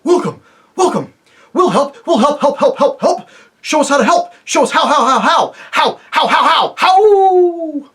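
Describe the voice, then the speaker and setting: A man voicing a pack of big, eager talking dogs, calling out loud, high, excited cries over and over. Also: unhurried, heavily acted. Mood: joyous eager.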